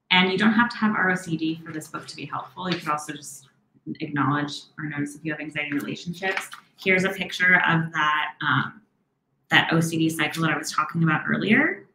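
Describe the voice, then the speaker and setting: A young woman therapist with a fairly low voice talks through viewers' questions on a live stream. She speaks quickly and casually, with frequent "um"s and restarts, and the sound bounces around an echoey room. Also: steady tone, slight background noise. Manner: quick, warm-toned advice with many "um"s and restarts.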